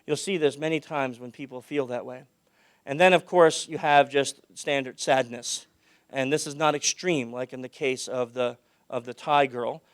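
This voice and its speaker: A man giving a conference talk. He tells stories and projects loudly, then drops his voice low for the anecdotes. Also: steady tone, moderate pace, clean tone, no room sound, clean studio sound. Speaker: conference speaker. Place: conference hall.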